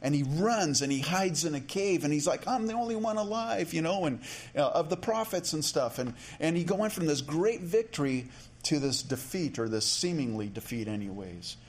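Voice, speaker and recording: Male pastor, sermon delivery, chatty with restarts, slightly high voice. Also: expressive, normal speed. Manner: conversational, many restarts and asides.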